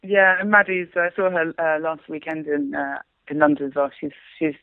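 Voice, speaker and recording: A woman playwright and performer being interviewed, talking in a rambling, animated way with frequent restarts and laughter. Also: low voice, moderate pace, no room sound. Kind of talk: casual interview chat. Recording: tinny phone line, dry.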